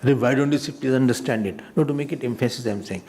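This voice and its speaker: A man's voice: mid-range voice, animated, quick pace, background noise. A man teaching a scripture class as a swami, explaining patiently and repeating words as he goes. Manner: repeats words, mixes in Hindi asides; explanatory, addresses listeners directly.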